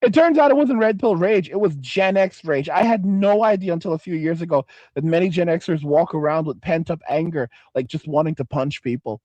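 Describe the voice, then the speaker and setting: A man's voice: on the high side, a little fast, few pauses, darkish tone, no echo. Profane, rambling middle-aged man. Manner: profane, rambling, self-interrupting. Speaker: livestream host. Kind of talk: casual livestream chat reading comments.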